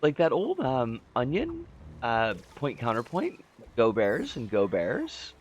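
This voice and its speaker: A man's voice: huge pitch swings, takes it slowly, husky. Man with a wildly swooping voice. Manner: rambling, jokey, swoops in pitch. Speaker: streamer. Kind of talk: casual game-stream chat.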